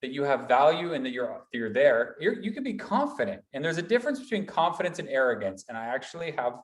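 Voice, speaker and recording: A man presenting a motivational workshop, talking in lively repeated lists like a college instructor. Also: mid-range voice, quick pace, echoey room. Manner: animated, builds repetitive lists.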